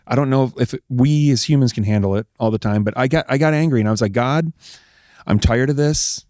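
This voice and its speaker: A middle-aged man from Texas tells a painful personal story as an interview guest. He speaks earnestly and emotionally, leaning on "like" as he goes. His voice is mid-pitched and the sound is dry. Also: rapid-fire, mellow, no room sound. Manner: earnest, emotional, many "like" fillers. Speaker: guest, husband.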